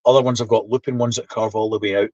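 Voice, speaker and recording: A man's voice: lowish voice, steady tone, fast, a little mellow, dry recording, lo-fi sound. A man in his seventies with a Scottish accent, chatting casually on a live stream, explaining things while he reads the chat. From Scotland. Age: 70s. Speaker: livestream host.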